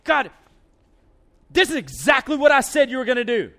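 A man's voice: sits high, very animated, quick pace, fairly bright tone. A man voicing a petulant male prophet, bitterly complaining to God. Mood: exasperated. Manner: exasperated, whining complaint.

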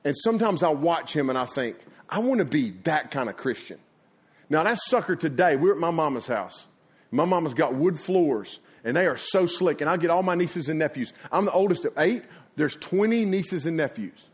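A middle-aged man preaching a sermon, folksy and animated, laughing at his own stories and acting out sounds. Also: a little high, moderate pace, breathy edge. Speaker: pastor. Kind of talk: energetic sermon storytelling. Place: church before a congregation.

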